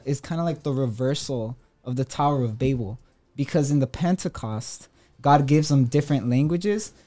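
A man's voice: fairly high pitch, a little mellow. Man, casual faith talk, hesitant, lots of fillers, faint music behind. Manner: hesitant, many "uh" and "right?".

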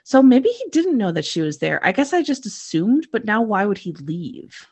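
A woman in casual conversation, recapping a story in a loose, rambling way. She uses lots of fillers and talks at an easygoing, mid-pitched level. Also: sing-song, normal speed, a little mellow, slightly rough. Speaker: podcast co-host recapping a TV episode. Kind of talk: casual chat.

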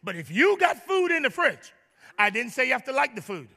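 High, bright-voiced preaching man. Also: very animated, fairly quick, big-room sound. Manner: preaching to a congregation with humor, rising to shouts. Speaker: pastor. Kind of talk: sermon. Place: large church.

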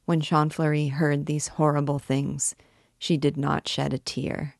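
A woman reading a classic novel aloud with a low, gravelly voice at an unhurried pace. She tells the story in a measured, dramatic way, recorded close and dry. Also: flat delivery, dry recording. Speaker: book reader and guide. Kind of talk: scripted narration of a novel.

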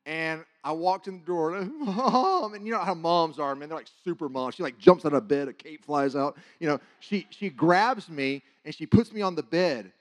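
A man preaching, telling a personal testimony in an animated, halting way, with many restarts and sudden drops to a hush. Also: on the high side. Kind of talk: sermon testimony storytelling.

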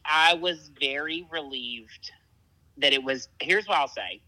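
In a rough recording, a man with a Southern US accent hosts a casual podcast chat, talking a little slowly in a fairly high, sharp voice. He's chatty and self-deprecating.

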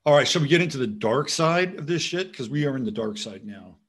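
A man with a slightly husky voice talks loosely as the host of a commentary show. He rambles from one point to the next and speaks at a middling pitch. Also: expressive, brisk, a bit bright. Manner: rambling, talks to his dog.

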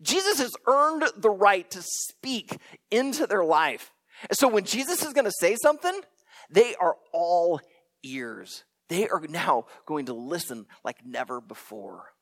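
A man preaching a sermon, telling stories dramatically and dropping to hushed near-whispers for emphasis. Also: sits high, big pitch swings, unhurried. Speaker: pastor.

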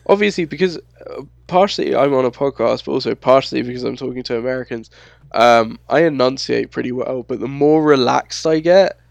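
Sweary gravelly North London man. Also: medium pitch, no room sound. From England. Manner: candid and sweary, quick asides. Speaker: podcast guest. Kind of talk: casual podcast chat.

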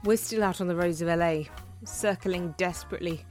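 A British woman co-hosting a podcast, dry and deadpan in a comedy sketch. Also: fairly low pitch, fairly quick, faint music behind. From Britain. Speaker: podcast co-host.

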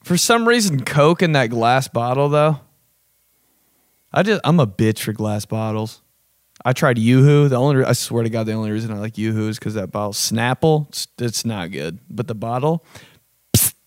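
A man's voice: medium pitch, expressive, normal speed, no room sound, clean studio sound. A man hosting a video, ranting casually and comedically in a rambling, profane way. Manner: rambling, profane, joking, fond of bro and dude. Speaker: vlog host.

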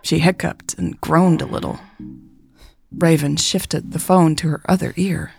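A woman narrating romance fiction in a measured, even storytelling voice. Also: deep voice, gravelly, soft background music. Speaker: podcast author and narrator.

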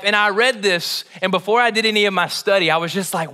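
Man, pastor, sermon, high-pitched, animated, conversational. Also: quick pace, hardly any pauses, clean tone.

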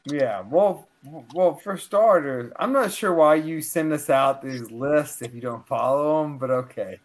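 Fired-up man, slow, argumentative. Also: on the high side. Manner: fired up, argumentative, talks over others. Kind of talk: casual sports podcast chat.

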